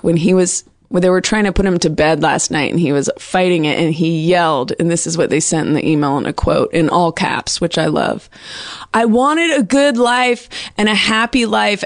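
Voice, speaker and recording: A woman comedian with a husky voice, hosting her show in a rambling, sardonic, self-deprecating monologue. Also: on the low side, dry recording, clean studio sound.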